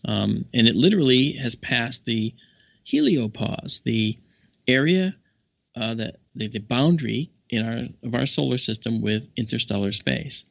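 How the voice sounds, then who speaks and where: A gravelly-voiced man, a podcast co-host, tells a story in casual chat from a home office at a measured pace with no echo. He's an animated storyteller who acts out quoted voices with big jumps in pitch.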